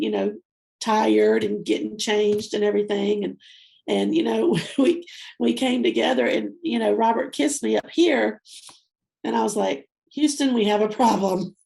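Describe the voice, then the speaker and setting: Woman, 50s, interview guest; gravelly, emotional storyteller, teary, lots of ums and you-knows. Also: mid-range voice, dark tone. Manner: tearful, heartfelt, many fillers. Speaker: guest speaker. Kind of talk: personal storytelling.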